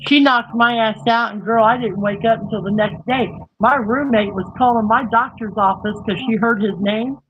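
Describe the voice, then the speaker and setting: A woman hosting a livestream, telling a personal story in a lively, folksy way and acting out what people said. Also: on the high side, moderate pace, few pauses, dull audio, a little hiss or hum. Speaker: livestream host. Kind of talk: casual storytelling.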